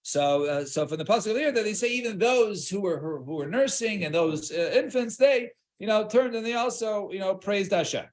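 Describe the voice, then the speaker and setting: A man leads a Talmud study class in a high voice that rises and falls freely. He stops and restarts his sentences, checks in with "right?", and mixes Hebrew and Aramaic phrases into his English explanations. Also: expressive. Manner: halting, many restarts and fillers, checks with "right?".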